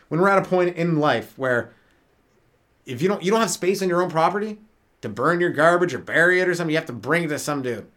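A man's voice: fairly high pitch, a bit bright. A young man hosting a comedy podcast, rambling through profane bits and slipping into mock voices. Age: young adult. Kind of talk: rambling stand-up style monologue.

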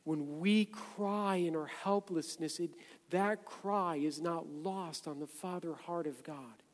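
A man's voice: fairly high pitch, slow pace. Preaching man in an echoey hall. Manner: conversational, builds to loud emphatic peaks. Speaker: pastor. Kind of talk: sermon. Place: church sanctuary. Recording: echoey hall, long reverb.

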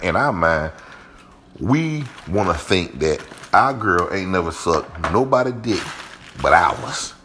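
A man's voice: low voice, fairly bright tone, a little hiss or hum. A man telling a rambling, profane story in a casual monologue.

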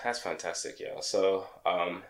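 A man's voice: low voice, fairly even intonation, unhurried, fairly bright tone. A man hosting a casual podcast, playful and slangy, laughing often with his co-hosts. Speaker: podcast host.

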